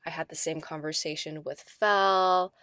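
Chatting casually as a podcast co-host, this woman in her thirties tells a personal story packed with "like" fillers. Her deep voice holds a sharp tone and fairly even intonation at a measured pace, captured as a dry, clean studio recording.

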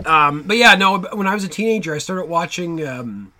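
A man's voice: fairly high pitch, sharp tone. Enthusiastic, rambling Canadian-raised man. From Nova Scotia, Canada. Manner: enthusiastic, digressive, many fillers. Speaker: podcast host. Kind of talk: casual chat.

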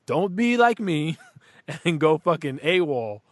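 A man's voice: a little high, slow, no room sound. Man, talk-show father, rambling and profane, dry close sound. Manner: rambling, profane, animated storytelling. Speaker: podcast host and father. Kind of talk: casual chat.

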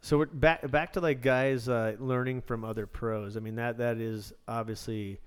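A man's voice: mid-range voice, fairly even intonation, normal speed, clear, resonant tone. A man hosting a casual interview, rambling through his questions with many restarts. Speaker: podcast host.

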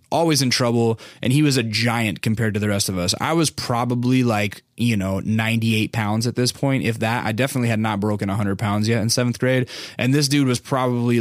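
A man's voice: lowish voice, no room sound. A man in his thirties hosting a podcast, telling a rambling, profane story in a casual chat style, with lots of fillers, on a close mic. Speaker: podcast host.

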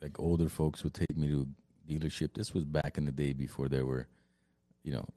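A man's voice: a bass voice, steady tone, a little fast, dark tone, dry recording. A man co-hosting a podcast who tells anecdotes casually and laughs often. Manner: laughs often while talking. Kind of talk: casual chat.

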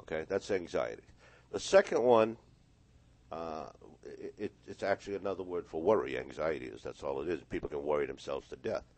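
A man's voice: a bass voice, fairly quick, darkish tone, no echo. A man, a hypnotist guest on a radio interview, telling stories and acting out the voices in them. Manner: storytelling, acts out quoted voices. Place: radio studio.

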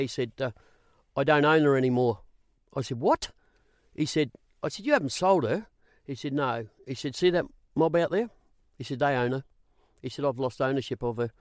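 Older man, Australian accent, animated storyteller, dry close sound. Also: medium pitch, dry recording. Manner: animated yarn-spinning, acts out quoted dialogue. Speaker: guest, former racing reporter. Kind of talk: storytelling interview.

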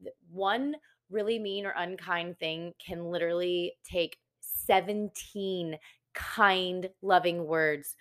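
Guest, woman, bright clear tone, hesitant, lots of filler words. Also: lowish voice, fairly even intonation, takes it slowly. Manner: hesitant, lots of ums, trails off. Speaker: podcast guest. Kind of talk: casual podcast chat.

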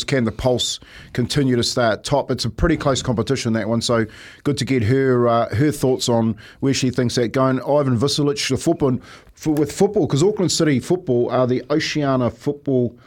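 New Zealand man, forties, radio host, mid-pitched, chatty storytelling. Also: a little mellow. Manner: reflective storyteller, says "mate" often, chuckles. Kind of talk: casual radio chat.

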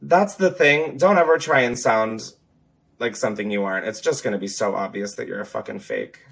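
The podcast host here has a lowish, slightly rough voice with vocal fry and a fairly quick delivery. On headphones, he takes callers in casual conversation, cracking jokes and cursing with animated energy.

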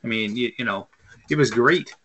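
Bright-voiced man telling rambling stories. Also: medium pitch, moderate pace, lo-fi sound, a little hiss or hum. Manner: rambling storyteller with many fillers and restarts. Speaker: podcast co-host. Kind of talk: casual chat over beer.

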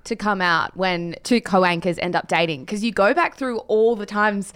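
A woman co-hosting a podcast, wry and lively in casual chat. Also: medium pitch, moderate pace, smooth. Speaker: podcast co-host.

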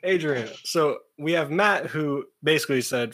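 A man hosting a casual podcast chat, animated and swearing freely. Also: moderate pace, a little hiss or hum. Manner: animated, acts out cartoon quotes in loud high voices. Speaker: podcast host.

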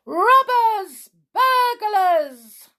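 A woman voicing a crowd of greedy gnomes in a shrill, shouting storybook manner. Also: lively intonation, drawn-out words, full character voice. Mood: alarmed.

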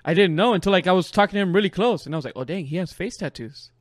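A young man chatting on a podcast and spinning a long, meandering story, with a slightly high-pitched voice that sits close to a dry microphone. He keeps breaking into laughs and drops low whenever he quotes someone. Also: expressive, very fast, no echo. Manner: rambling, laughs often, quotes others in a low voice. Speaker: podcast co-host. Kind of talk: casual storytelling chat.

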